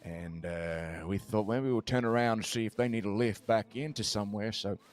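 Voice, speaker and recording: A man's voice: fairly low pitch, moderate pace, lightly acted. Guy as a jittery cowboy who rambles on n swears, self-deprecating, western rp. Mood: chatty. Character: nervous rambling frontier man. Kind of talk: western roleplay.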